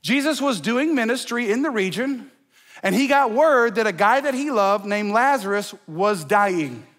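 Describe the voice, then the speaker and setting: High-voiced energetic pastor, jokey preaching in a church, with a long hall echo. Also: male voice, a little slow. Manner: energetic and joking, talks to the crowd in slang. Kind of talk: sermon. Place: church sanctuary.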